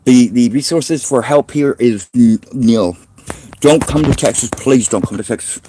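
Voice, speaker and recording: A man's voice: mid-range voice, unhurried, background noise. A worn-out man talks in a rambling, emotional video diary, swearing heavily as he speaks. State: worn out after illness. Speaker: vlogger.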